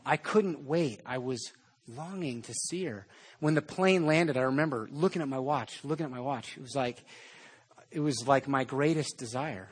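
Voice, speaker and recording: A man preaching a sermon in a conversational way, with animated storytelling. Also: mid-range voice, moderate pace, husky. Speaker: pastor.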